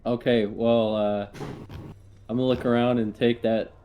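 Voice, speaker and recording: A man's voice: medium pitch, flat delivery, normal speed, narrow, tinny audio, a little hiss or hum. A man playing a tabletop game, hesitant and easygoing. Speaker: player. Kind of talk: casual tabletop play.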